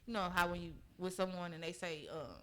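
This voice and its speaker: A woman's voice: on the low side, fairly even intonation, a little fast, low-quality recording. Earnest woman telling her own story. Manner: earnest, emphatic, keeps checking in with listeners. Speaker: guest sharing a personal story. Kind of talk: conversational storytelling.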